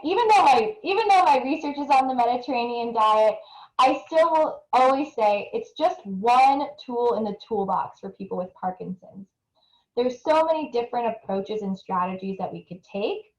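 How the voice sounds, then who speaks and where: In a roughly recorded, echoey space, a young woman presents her nutrition research in a webinar with an audience poll. Her voice sits a little high, and she explains things earnestly while frequently restarting her phrases.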